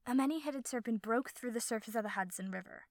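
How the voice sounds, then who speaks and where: A woman narrating a story calmly and evenly, recorded on a close mic. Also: a little high, quick pace, no room sound. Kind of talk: audiobook fan fiction reading.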